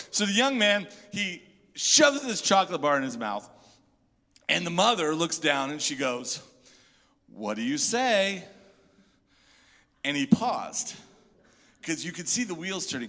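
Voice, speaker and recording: A male pastor delivering a sermon, telling funny stories with lively asides. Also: on the high side. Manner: animated storyteller, jokey asides. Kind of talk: sermon with humorous storytelling. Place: church hall. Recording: echoey hall.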